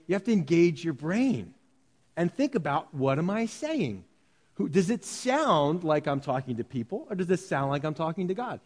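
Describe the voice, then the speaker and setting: Conversational middle-aged preacher. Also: male voice, a little high, darkish tone. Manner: conversational preaching with mock-pompous quoted prayers. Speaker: pastor. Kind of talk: sermon. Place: church hall.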